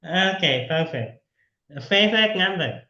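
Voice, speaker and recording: A man's voice: high-pitched, lively intonation, measured pace, sharp tone, roomy sound, highs cut off. A man interviewing a guest over a video call in a casual, chatty way, laughing often and encouraging the guest.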